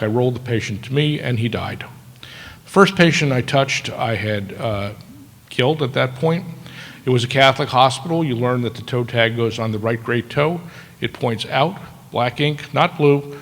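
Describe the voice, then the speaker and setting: A man in his sixties speaks from a podium microphone, telling stories at a ceremony with a dry, self-deprecating wit. His voice sits at an ordinary middle pitch for a man. A long reverb trails each phrase through a large auditorium. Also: fairly bright tone. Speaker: keynote speaker. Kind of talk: storytelling ceremony speech. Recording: echoey hall with long reverb.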